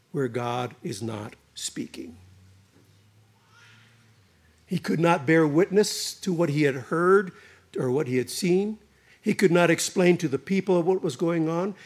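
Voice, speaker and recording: Pastor guy preaching real slow, high-ish voice, lots of pauses and repeating himself for emphasis. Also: a little mellow. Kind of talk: sermon.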